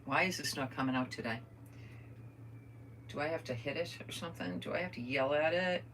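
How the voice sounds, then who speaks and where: A bright-voiced older woman chats away to her viewers as she crafts at home. She rambles from story to story and talks to them like old friends. A faint hiss sits behind her voice. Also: low-pitched, fairly quick. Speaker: crafter vlogger. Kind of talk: casual crafting chat to viewers.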